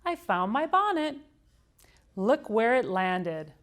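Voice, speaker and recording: A cheerful, literal-minded housekeeper woman from a children's picture book, chirping along in a lifted, sunny voice, read aloud by a woman. She sounds eager and bright, as if everything is an adventure. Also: on the high side, big pitch swings, slow, heavily acted.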